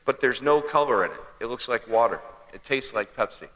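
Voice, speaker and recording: Bright-voiced man preaching in a reverberant hall. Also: mid-range voice, expressive, fairly quick, muffled recording. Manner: conversational storyteller, asks the crowd questions. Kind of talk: humorous sermon to a congregation.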